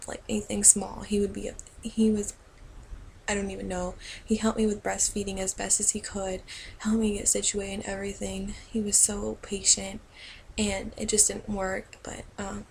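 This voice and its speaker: A young woman speaks casually and softly to her viewers, wandering through her thoughts with frequent ums. Her voice has a gravelly fry and stays flat in pitch. A faint hiss sits under the recording. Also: rough recording. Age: young adult. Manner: rambling, many ums and restarts, soft. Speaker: vlogger and new mother. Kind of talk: casual talk to camera.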